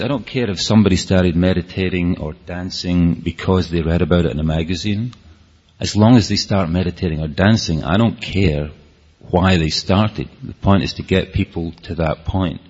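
At normal speed, a Scottish man with a low, slightly mellow voice and a breathy edge delivers an earnest, meandering talk to an audience. He often starts sentences over, and the hall recording is dull and lo-fi.

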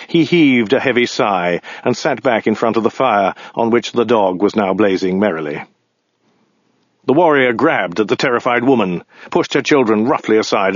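A man narrates a story in a dry, deadpan manner. His voice sits fairly low. The recording is dry and slightly dull. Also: no room sound. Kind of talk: audiobook narration.

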